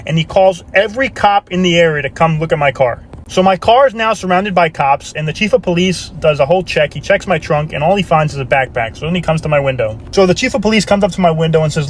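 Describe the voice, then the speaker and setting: A man telling comic stories in the first person, quick and animated, acting out the quoted lines. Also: on the high side, slight background noise. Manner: quick, animated joke delivery with voiced quotes. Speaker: storyteller. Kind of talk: comedic anecdote storytelling.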